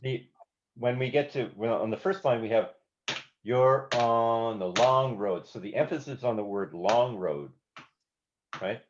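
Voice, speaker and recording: A man's voice: fairly low pitch, animated, moderate pace, dull audio, background noise. A man leading a songwriting workshop who talks through lyric lines and sings short melodic examples, humming rhythms with nonsense syllables. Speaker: songwriting teacher. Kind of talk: workshop teaching.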